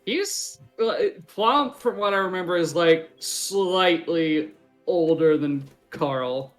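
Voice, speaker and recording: A man's voice: fairly high pitch, slow pace, faint music behind. A man playing in a tabletop game, talking casually and hesitantly. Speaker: player.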